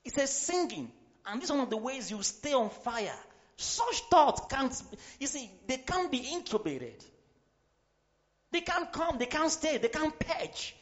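A man from Nigeria preaching a sermon in a church, emphatic, sometimes shouting, often repeating his phrases. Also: very high-pitched, very animated, unhurried. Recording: slightly dull recording with faint music behind.

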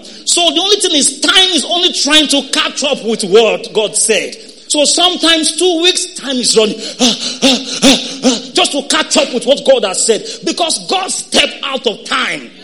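Man, pastor, sermon, call-and-response, very high bright voice. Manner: call-and-response preaching, urging the congregation; bursts into shouted exhortations.

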